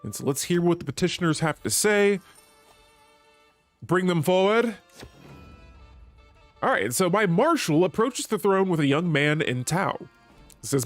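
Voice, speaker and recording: A man's voice: high-pitched, expressive, a little slow, pauses often, soft background music. A man streaming a strategy game, chatting with viewers and reading the in-game text aloud. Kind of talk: live gameplay commentary.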